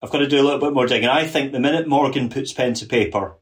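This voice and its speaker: A man's voice: medium pitch, quick pace. Earnest man who repeats words while thinking. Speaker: podcast guest, author. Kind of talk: casual conversation.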